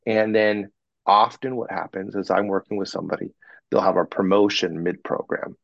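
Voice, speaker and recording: A man working as a communication coach, telling animated stories about clients and acting out what they said in an interview. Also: lowish voice, normal speed, creaky, no echo, dull audio. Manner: animated anecdotes, acts out clients in quoted voices. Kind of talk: podcast interview, storytelling.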